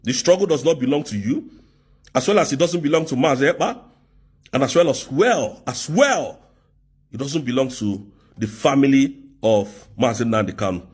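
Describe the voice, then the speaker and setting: A man's voice: mid-range voice, lively intonation, normal speed, breathy edge. A man ranting angrily in commentary, hurling insults and rebukes. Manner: insulting, shouting rebukes, swearing. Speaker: political commentator.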